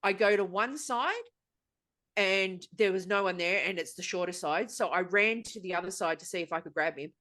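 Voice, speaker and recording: A woman's voice: mid-range voice, normal speed, pushed and bright. A woman with an Australian accent hosting a casual podcast chat, telling a long story in an exasperated, sweary way. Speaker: podcast host.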